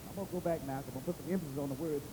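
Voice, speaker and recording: Man, preacher, call-and-response sermon, emphatic, warm mellow tone, reverberant hall. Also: racing, slight background noise. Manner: emphatic, rises to high shouted peaks.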